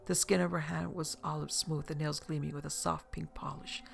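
A storybook narration read in a measured, steady way. The voice is heavily gravelly and full of fry, at an ordinary middle pitch. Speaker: audiobook narrator. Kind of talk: scripted narration of a novel.

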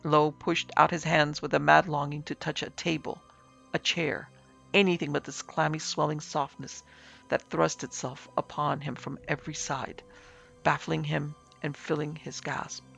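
A man narrating a ghost story in a steady storytelling manner, over a faint music bed. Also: on the high side, normal speed, vocal fry.

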